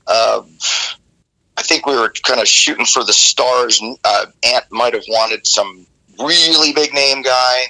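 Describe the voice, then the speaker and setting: A rock singer in an interview, telling rambling, animated stories with many restarts. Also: male voice, mid-range voice, a little slow, poor audio. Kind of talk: casual interview storytelling.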